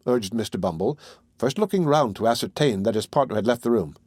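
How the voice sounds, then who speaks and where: A man narrates a classic novel for an audiobook in an even, unhurried voice of middling pitch. The recording is dry and close, with no room sound. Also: no echo. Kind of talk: scripted narration.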